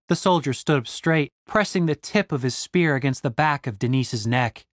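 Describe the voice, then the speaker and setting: A man narrating an audiobook in a wry, expressive way. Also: medium pitch, moderate pace, few pauses, dry recording, studio quality.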